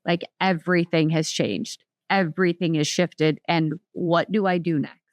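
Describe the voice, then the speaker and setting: A woman hosting a podcast answers her guest in a low, unhurried voice. Her replies are short, gentle and sympathetic. The recording is dry, with no room echo. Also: fairly even intonation. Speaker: podcast host. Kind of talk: interviewing a guest.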